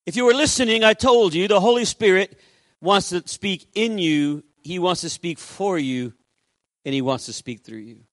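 A man's voice: high-pitched, normal speed, dry recording, studio quality. A male pastor preaching a sermon, telling a story and acting out the dialogue in changing voices. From Puerto Rico. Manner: acts out dialogue with shifting voices.

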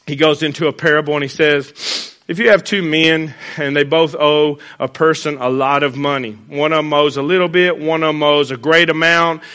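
A man's voice: fairly high pitch, sharp tone. A man preaching a sermon, folksy and conversational, rising to fervent emphasis.

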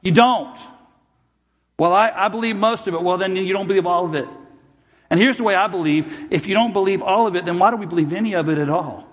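A man's voice: high-pitched, quick pace. Storytelling male pastor in a reverberant church. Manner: storytelling, acting out both sides of arguments. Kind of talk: sermon.

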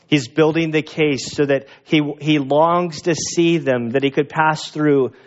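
A man delivers a sermon at an unhurried, deliberate pace. His voice sits a little high for a man, and he restarts phrases as he speaks. The recording has a dull, lo-fi quality. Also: steady tone. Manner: slow and earnest, with restarts. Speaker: pastor. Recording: dull lo-fi sound.

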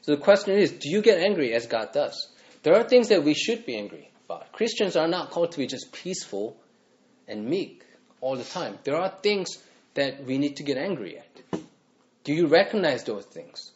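A man's voice: a little high, very animated, normal speed, a little mellow, dull audio. A male pastor preaching a sermon, earnest, pressing his listeners with repeated questions.

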